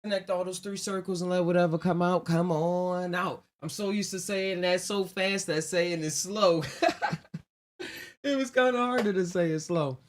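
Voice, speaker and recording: A man's voice: high-pitched, moderate pace. A man hosting his own podcast live, talking casually in a loose, rambling, reflective way with frequent laughs. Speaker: podcast host. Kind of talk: casual solo livestream podcast talk.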